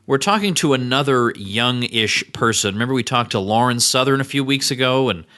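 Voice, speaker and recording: A man hosting a podcast interview, talking in an energetic, chatty way with quick asides. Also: medium pitch. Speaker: podcast host. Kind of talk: casual interview.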